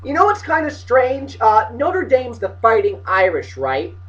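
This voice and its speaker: A man delivering a comedic, profane rant to camera, swinging between shouting and muttering. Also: very high voice, huge pitch swings, a little slow, distant mic, highs cut off. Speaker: vlogger ranting about college basketball.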